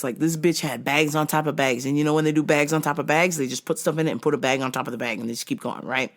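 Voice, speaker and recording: A woman hosting a podcast, telling a comedic story with lots of swearing and laughter. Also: sits low. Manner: animated, swears freely, laughs often. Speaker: podcast host.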